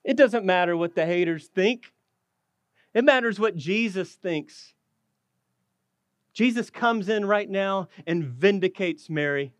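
A man preaching a sermon with passion, often dropping low and slowing down to stress his words. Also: dry recording. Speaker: pastor.

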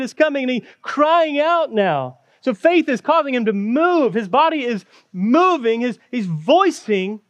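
A man's voice: extremely high pitch, no room sound. A man preaching a sermon in an earnest storytelling manner. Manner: earnest, storytelling with acted quotes. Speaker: pastor.

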